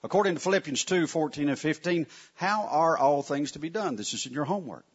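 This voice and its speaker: A man preaches a sermon in a church, his voice leaping up and down as he stresses his points. His tone is folksy and direct, full of asides to the congregation, with a slightly husky edge. The recording is muffled and lo-fi. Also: on the high side, lively intonation, fairly quick. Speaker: pastor. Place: church sanctuary. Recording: muffled lo-fi sound.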